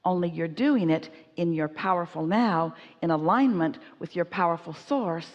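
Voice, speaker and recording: A woman giving an inspirational seminar talk, speaking as "we" in an emphatic, animated way while answering audience questions. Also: lowish voice, normal speed, long reverb tail, lo-fi sound.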